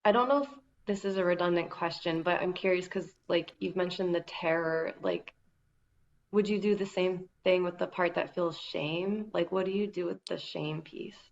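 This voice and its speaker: A woman guest on a podcast, soft-spoken and emotional, heard over a remote call. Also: on the low side, moderate pace, vocal fry, muffled recording, a little hiss or hum. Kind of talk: casual podcast chat.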